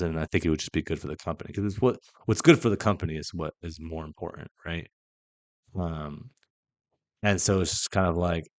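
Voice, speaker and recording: A man's voice: deep voice, no room sound. A young man hosting a casual faith podcast, telling a personal story in a rambling, candid way, with restarts, casual swearing and quoted conversations. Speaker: podcast host.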